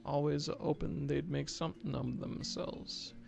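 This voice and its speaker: A man's voice: on the high side, steady tone, unhurried, vocal fry, over music. A man voicing a worldly, blunt older woman who talks in folksy dialect. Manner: folksy, blunt, with 'ye', 'me' and 'aye'.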